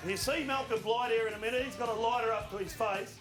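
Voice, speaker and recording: A man's voice: very high-pitched, fast talker, echoey room, music in the background. An Australian man on a sports panel, out of breath, exclaiming and laughing as he runs through clips. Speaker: panelist presenting footage segment. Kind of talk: casual studio banter.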